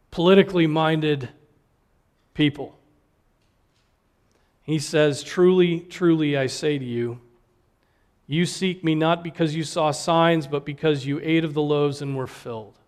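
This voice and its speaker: A man's voice: fairly high pitch, darkish tone. A man preaching a sermon in an earnest, emphatic way, often restarting words and asking "right?".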